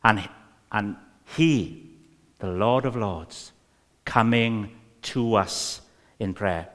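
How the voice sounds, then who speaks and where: Welsh guy preaching real slow, lots of ums, big churchy reverb. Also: lowish voice, a bit bright. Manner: slow, emphatic, with many fillers and repetitions. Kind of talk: sermon.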